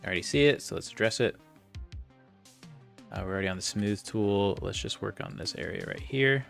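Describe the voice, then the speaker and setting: A man's voice: fairly low pitch, fairly quick, vocal fry, fairly bright tone, soft background music. A man casually narrating as he plays and edits a game, thinking aloud and talking himself through each step. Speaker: game modder and video creator. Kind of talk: casual commentary while playing and editing a game.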